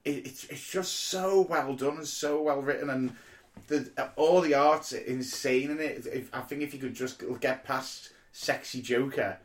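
A man, co-hosting a casual podcast chat, animated and laughing often, swearing freely. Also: medium pitch, measured pace. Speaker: podcast co-host.

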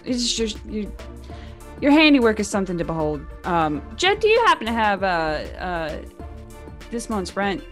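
Woman doing an awkwardly polite young tenant, hesitant, mid-pitched, faint music. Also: big pitch swings, normal speed, natural voice. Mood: awkward politeness.

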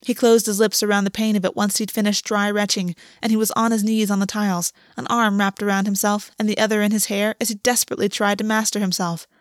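A woman reads a story aloud in a measured, steady narration. Her voice sits at a middle pitch for a woman. The recording is dry and close, with no room sound. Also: no echo. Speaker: audiobook reader. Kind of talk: scripted fiction narration.

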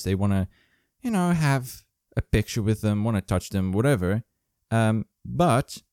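A man hosting his own casual video, joking and rambling through animal facts in a playful, animated way. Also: lowish voice, no room sound, studio quality. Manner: playful, jokey, animated, full of asides. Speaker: vlog host. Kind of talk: casual comedic fact-sharing monologue. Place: Germany.

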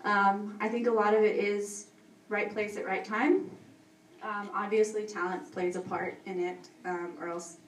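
Her medium-pitched voice barely moves in pitch and stays unhurried as this young Texan woman nervously fields panel questions, laughing, breathless and full of fillers. The mic sits far away in an echoey room, with slight background noise.

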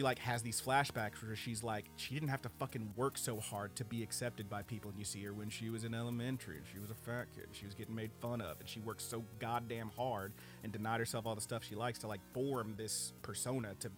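Brief: casual podcast co-host, male, animated and profane, lots of "like". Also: fairly low pitch, quick pace, few pauses, over music. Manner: animated, profane, filler-heavy. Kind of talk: casual anime review chat.

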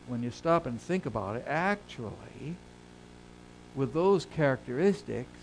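A man's voice: expressive, moderate pace, gravelly, poor audio. Impassioned male pastor preaching. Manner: preaches with big swells in pitch and volume, then drops low. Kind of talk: sermon.

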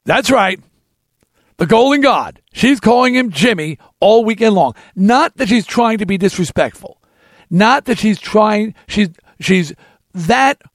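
A man in his sixties hosting a talk show, telling a long story in an animated, ranting way and acting out other people's lines. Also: sits high, dry recording, clean studio sound. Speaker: podcast host telling a story.

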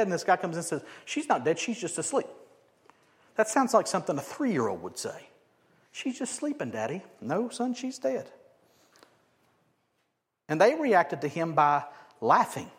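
Animated man preaching a sermon. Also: fairly high pitch. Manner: animated, swings from loud acted-out quotes to quiet asides. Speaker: pastor.

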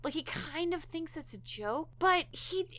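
A woman with a high voice, speaking a little slowly, casually recaps an episode on her podcast. She's animated throughout and acts out the characters' lines in quotes.

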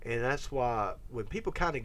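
Animated, emphatic podcast host man. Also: medium pitch, moderate pace. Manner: animated, emphatic, keeps saying "man" and "bro". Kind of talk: casual chat about wrestling history.

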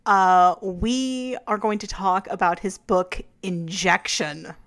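A woman's voice: mid-range voice, steady tone, slow pace, fairly bright tone. Chatty woman podcast co-host. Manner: chatty, frank, frequent fillers and restarts. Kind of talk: casual podcast chat.

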